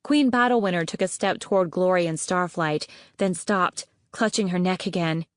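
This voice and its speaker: A woman narrating an audiobook in a steady, even storytelling manner on a close studio mic. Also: lowish voice, normal speed, no echo. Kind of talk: scripted narration.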